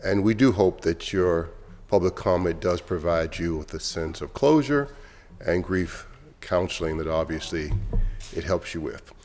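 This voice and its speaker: A man chairs a city council session, calling speakers and business in a brisk, procedural way. His voice sits fairly low. The room adds a long reverb tail. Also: darkish tone. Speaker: council president chairing meeting. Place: council chamber.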